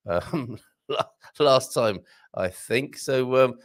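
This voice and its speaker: A man hosting a casual morning live stream from a home studio, chatting, reading viewer comments aloud and trying out Portuguese phrases. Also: medium pitch. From Britain. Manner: chatty, rambling, chuckles often, reads comments aloud, tries Portuguese phrases slowly. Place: home studio with green screen.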